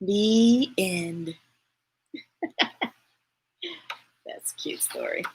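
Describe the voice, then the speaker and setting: Woman storytime reader, very slow and lively, high bright voice, playful questions to kids. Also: vocal fry, slight background noise. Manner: playful and expressive, asks listeners questions. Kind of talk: reading picture books aloud to children.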